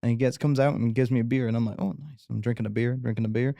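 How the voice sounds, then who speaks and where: A man's voice: mid-range voice, fairly even intonation, quick pace, creaky, warm tone, dry recording. A young Irish man telling a rambling story in casual chat, laid-back and swearing freely. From Ireland. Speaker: guest host.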